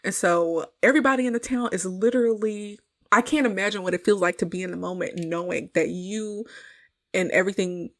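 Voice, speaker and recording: A woman co-hosting a podcast, retelling a film in casual chat and laughing often. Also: medium pitch. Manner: animated retelling, quick laughs. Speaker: podcast co-host. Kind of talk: casual movie review chat.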